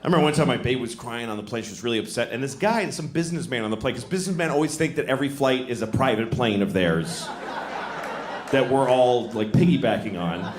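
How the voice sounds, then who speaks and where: A man's voice: medium pitch, expressive, quick pace. A man doing a stand-up comedy set in a comedy club, wry and exasperated, acting out little voices. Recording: roomy club recording with crowd noise. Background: audience laughter.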